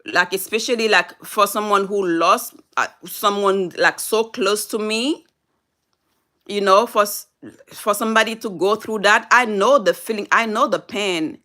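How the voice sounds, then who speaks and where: A woman's voice: mid-range voice, a little slow, bright, forceful tone. A woman on a live stream, upset and teary, pleading with and scolding her viewers while reading the chat.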